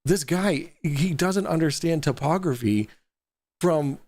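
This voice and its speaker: A man's voice: on the high side, slow, a little mellow, no echo. A man hosting a live stream, mocking and sarcastic, laughing often as he comments. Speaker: host reacting to a debate stream.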